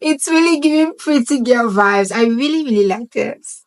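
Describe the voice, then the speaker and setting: A woman's voice: a little high, lively intonation, moderate pace. A young woman vlogging a glasses try-on, enthusiastic and repeating "it's giving" and "really, really". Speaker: beauty vlogger. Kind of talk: product review try-on.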